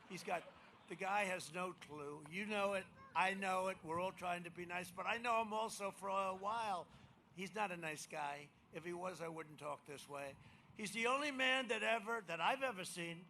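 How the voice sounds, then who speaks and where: A man's voice: sits high, bright, forceful tone, a little hiss or hum. An older man giving a rambling, boastful rally speech and mocking his opponents. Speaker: campaign rally speaker. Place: outdoor rally crowd.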